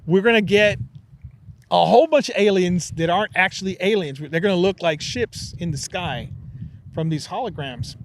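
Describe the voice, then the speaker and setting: A man hosting a podcast in casual chat, telling a conspiracy story in an animated, excitable way. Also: high voice, normal speed, slight background noise, poor audio. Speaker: podcast host.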